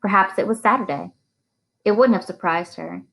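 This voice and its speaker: A woman reading a novel aloud at a steady storytelling pace. Her voice sits at a middle pitch with a noticeable gravelly fry at phrase ends. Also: moderate pace, poor audio. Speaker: reader.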